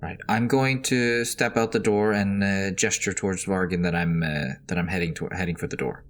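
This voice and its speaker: Man, very low voice, tabletop player, hesitant, faint music behind. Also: steady tone, moderate pace. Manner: hesitant, many fillers and restarts. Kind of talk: tabletop game chat.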